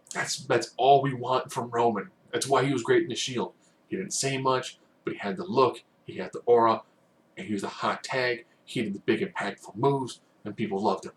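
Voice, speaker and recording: A man giving a casual, rambling spoken recap, now and then acting out quotes in loud bursts. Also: mid-range voice. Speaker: wrestling recap host.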